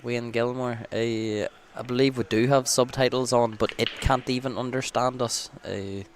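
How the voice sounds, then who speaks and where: A man's voice: mid-range voice, fairly even intonation, moderate pace, a little hiss or hum. An Irish man giving casual live pool commentary with teasing, wry banter.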